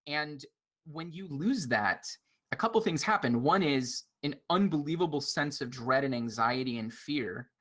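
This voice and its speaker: Guy on a horror movie podcast, bright voice, kinda philosophical, keeps saying right. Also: a little high, expressive, a little slow. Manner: reflective, philosophical, frequent "right?" tags. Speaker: podcast co-host. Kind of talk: roundtable film discussion.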